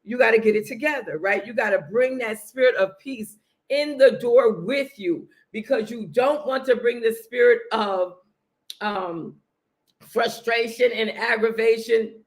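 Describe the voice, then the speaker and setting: A middle-aged woman talks through marriage advice like a sermon, earnest and coaching. She leans on repeated check-ins with her listeners and speaks in a relaxed, conversational flow. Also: on the high side, unhurried. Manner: earnest, coaching, keeps asking "right?". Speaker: podcast co-host giving marriage advice. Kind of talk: casual preaching talk.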